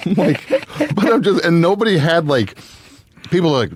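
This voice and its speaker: A man's voice: a little high, moderate pace. A man in casual podcast conversation, telling stories and acting out other people's voices. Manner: animated, acts out voices in stories. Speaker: podcast guest.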